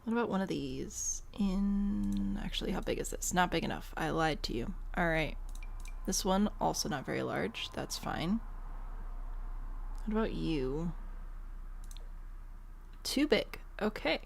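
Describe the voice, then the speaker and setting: A woman's voice: lowish voice, lively intonation, measured pace, creaky, pauses often, a little hiss or hum. A young woman giving casual, rambling gameplay commentary, thinking aloud and poking fun at herself. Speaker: gameplay host.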